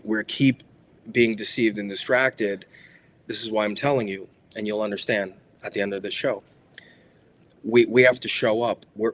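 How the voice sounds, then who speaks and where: A man hosting a motivational spiritual talk, emphatic and repetitive in a preacherly way. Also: lowish voice. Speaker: spiritual speaker and show host.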